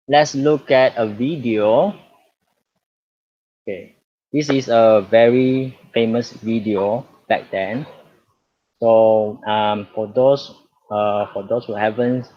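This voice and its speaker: Man, Malaysian accent, online English lesson, unhurried, patient, repeats key words, muffled lo-fi audio. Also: medium pitch. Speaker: English teacher. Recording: dull lo-fi audio.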